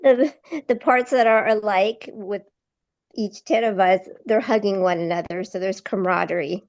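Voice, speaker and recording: A woman in a workshop speaking haltingly and with laughter, searching for words over a video call. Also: medium pitch, darkish tone, no room sound. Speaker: workshop participant. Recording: muffled, dull video call audio.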